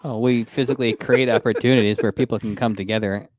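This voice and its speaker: A man's voice: medium pitch, fairly even intonation, fast talker, darkish tone. A man co-hosting a casual podcast, answering earnestly and hesitating a lot. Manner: hesitant, many fillers, earnest. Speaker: podcast co-host. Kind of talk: casual chat.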